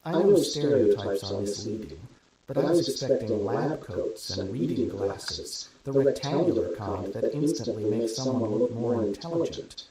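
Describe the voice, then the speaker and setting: A man narrating a first-person story at a steady, even storytelling pace. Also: medium pitch, moderate pace. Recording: very echoey room with crowd noise.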